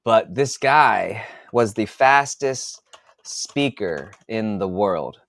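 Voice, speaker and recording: A man's voice: lowish voice, lively intonation, drawn-out words, vocal fry, fairly bright tone. Rambling profane man in his forties. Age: 40s. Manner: rambling, profane, thinks aloud with restarts. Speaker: author and podcast host. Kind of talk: casual livestream chat.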